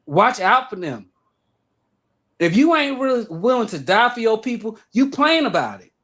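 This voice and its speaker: A man with an Atlanta Southern accent rants on a livestream. His voice sits high for a man, and he talks with emphatic, profane energy, circling back and repeating words as he builds his point. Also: sing-song, moderate pace, sharp tone. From Atlanta, Georgia. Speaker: livestream guest. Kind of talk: heated livestream rant.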